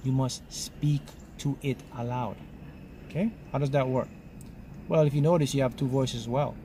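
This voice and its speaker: A man talking as a spiritual mentor, delivering a motivational talk in short, punchy lines. His voice is mellow and warm, and he keeps asking "okay?" as he lectures. A faint hiss of background noise sits under the recording. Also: mid-range voice, steady tone, moderate pace. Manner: emphatic, repeats "okay?" to check in.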